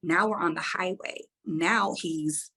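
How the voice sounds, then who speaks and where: A woman, a podcast guest, telling a story casually in an animated, profane, slangy way. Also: fairly low pitch, slow pace, husky, rough recording.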